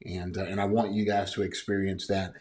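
A man's voice: low voice, little pitch movement, fairly quick, darkish tone. A man in his thirties hosting a business coaching podcast, talking casually and earnestly with many fillers and restarts. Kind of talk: podcast introduction monologue.

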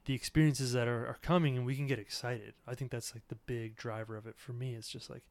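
A man's voice: medium pitch, little pitch movement, fast talker, creaky. A man in his thirties hosting a casual podcast with his wife, talking in an earnest, reflective way with many filler words. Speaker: podcast host.

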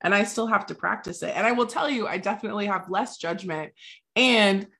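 A woman's voice: mid-range voice, fairly quick, gravelly. Enthusiastic woman podcast host. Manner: enthusiastic, reflective, with soft agreeing murmurs. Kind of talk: casual podcast conversation.

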